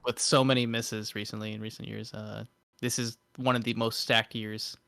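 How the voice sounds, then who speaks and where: A man's voice: on the low side, flat delivery, normal speed, gravelly, bright, forceful tone, smooth. A young man co-hosting a gaming podcast, hesitant and thoughtful, often restarting his sentences. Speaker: podcast co-host. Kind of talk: casual gaming chat.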